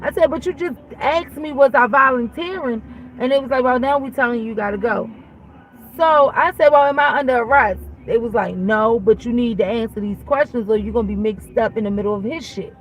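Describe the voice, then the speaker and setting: A woman's voice: fairly high pitch, fairly quick, poor audio. A woman vlogger telling a story in a blunt, casual way, acting out both sides of a conversation as she goes. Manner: blunt, profane, animated retelling with acted-out dialogue. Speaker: vlog host.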